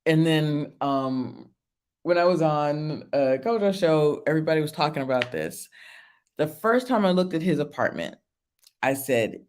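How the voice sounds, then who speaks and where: A woman's voice: sits low, big pitch swings, measured pace, darkish tone. A woman hosting a casual reality TV review stream. She laughs often, repeats herself for emphasis and answers viewer comments as she talks. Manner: emphatic, repeats phrases for effect.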